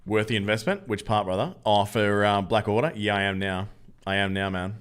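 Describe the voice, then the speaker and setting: A man's voice: on the low side, fairly quick, fairly bright tone, smooth. A young Australian man streaming a mobile game, joking loosely with viewers and answering the chat as he plays. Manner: jokey, loose banter, reads out chat and answers.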